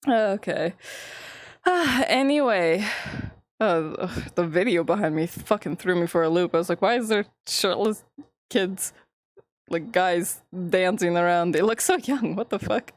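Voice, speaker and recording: A woman's voice: on the low side, measured pace, no echo. A young woman streamer in casual live-stream chat, rambling, giggling often and swearing freely.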